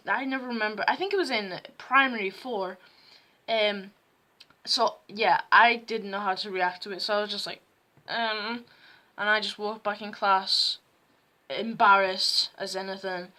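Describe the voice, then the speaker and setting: A woman's voice: medium pitch, moderate pace, sharp tone. A teenage girl telling rambling, self-mocking stories to camera at home. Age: teens. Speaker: vlogger. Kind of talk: casual storytime chat to camera.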